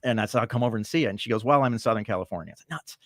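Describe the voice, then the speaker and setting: A man telling a story as a guest in a casual interview, animated and laughing often, acting out the voices of people he quotes. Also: on the low side, racing, no echo, clean studio sound. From Michigan, USA. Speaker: film producer-director, guest.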